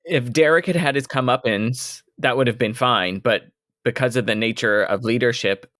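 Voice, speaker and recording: A man's voice: medium pitch, normal speed, fairly bright tone, dry recording, clean studio sound. A man co-hosting a podcast, commenting casually on a book chapter. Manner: adds comments, chuckles often. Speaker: podcast co-host.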